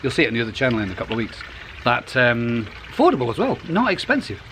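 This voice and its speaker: A man's voice: mid-range voice, wildly swooping pitch, fast talker, noisy background. A middle-aged man, chatting casually to camera beside his garden pond, rambling and restarting his phrases. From United Kingdom. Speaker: koi pond vlogger. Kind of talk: casual vlog.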